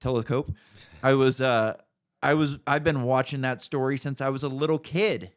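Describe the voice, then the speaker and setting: A man's voice: mid-range voice, fairly even intonation, moderate pace, clear, resonant tone. Ranting, profane man in his thirties. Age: 30s. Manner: profane, ranting, mocking voices in quotes. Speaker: podcast co-host. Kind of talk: casual podcast banter.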